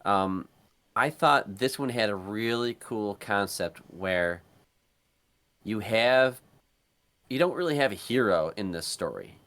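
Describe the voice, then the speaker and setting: A man's voice: fairly low pitch, lively intonation, takes it slowly, pauses often, fairly bright tone. A man co-hosting a podcast who chats casually about a film and swears freely. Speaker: podcast co-host. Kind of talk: casual movie discussion.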